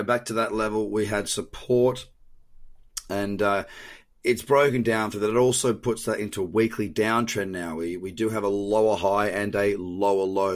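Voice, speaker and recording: An Australian man hosting a crypto podcast, chatting loosely through market commentary with fillers and self-corrections, his voice worn from overuse. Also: fairly low pitch.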